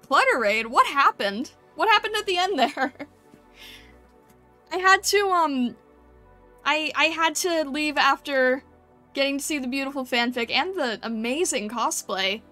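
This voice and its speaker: A woman's voice: high voice, expressive, unhurried, bright, forceful tone, soft background music. A woman streamer chatting casually with her chat and thinking aloud while she paints over and critiques thumbnails.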